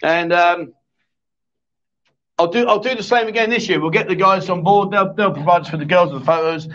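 Picture a man with a notably high voice running a casual live-stream chat show. He rambles, jokes and ribs his co-host between viewer comments. The audio sounds dull and lo-fi, like a stream mic. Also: fairly quick, fairly bright tone. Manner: joking, teasing, rambling.

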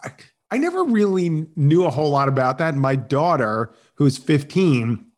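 Chatty 40s guy hosting, teasing jokes, kinda higher voice. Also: sing-song, normal speed, darkish tone. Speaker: podcast host. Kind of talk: casual interview chat.

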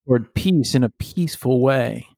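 A man's voice: medium pitch, moderate pace, gravelly, mellow, no echo, studio quality. A man in casual conversation as a podcast co-host, musing and rambling with playful banter. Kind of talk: casual chat.

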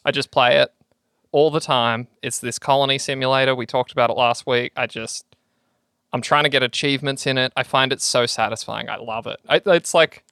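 An Australian man co-hosting a podcast in casual chat, animated, jumping up in pitch when excited and laughing as he talks. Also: fairly quick, dry recording, studio quality. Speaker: podcast co-host.

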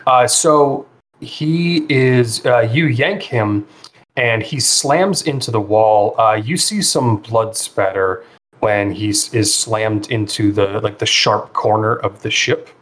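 A man narrating a tabletop role-playing game as game master, in a relaxed way with many fillers. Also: on the low side, slow. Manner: relaxed, filler-heavy narration with frequent ums and likes.

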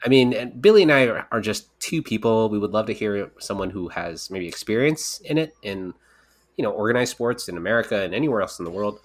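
A man's voice: fairly low pitch, expressive, fairly quick. A man co-hosting a casual podcast, talking in a rambling, candid way with casual swearing. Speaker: podcast co-creator and host.

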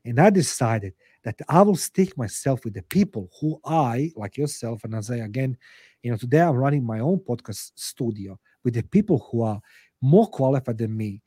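A middle-aged author, guesting on a podcast, talks in blunt, earnest, emotional English, his second language, swearing freely throughout. His medium-pitched voice is animated, warm and slightly rough at a moderate pace, recorded cleanly in a studio with no room sound.

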